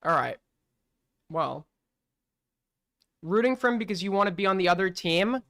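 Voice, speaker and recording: Here a male streamer hosting call-ins talks with blunt profanity and a barrage of rhetorical questions in casual livestream commentary. His voice sits high and is a bit bright and creaky, with lively intonation at a moderate pace.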